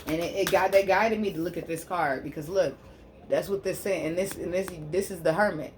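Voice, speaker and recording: A woman giving a tarot reading on her channel, preaching fervently to her listeners and softly repeating prayerful invocations as she draws cards. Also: fairly low pitch, a little fast, music in the background. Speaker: spiritual healer and tarot reader.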